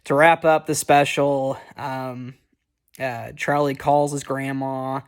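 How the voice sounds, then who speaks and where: A man's voice: medium pitch, little pitch movement, slow pace, smooth. A man casually recapping a cartoon special, rambling and cursing freely. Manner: rambling, profane, lots of fillers and restarts. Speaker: movie reviewer.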